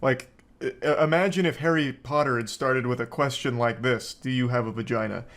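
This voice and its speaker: A man in the middle of his range talks over a clip in dry, sarcastic commentary. He rambles into deadpan asides and mock-serious analysis. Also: medium pitch, moderate pace. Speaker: commentary host. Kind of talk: reaction commentary.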